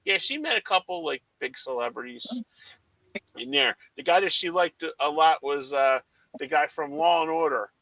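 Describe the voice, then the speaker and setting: In a dry, rough recording, a fairly high-pitched man speaking at moderate pace spins a long, animated tale as a watch party co-host. He's from South Jersey and chats casually while playing his mom's lines.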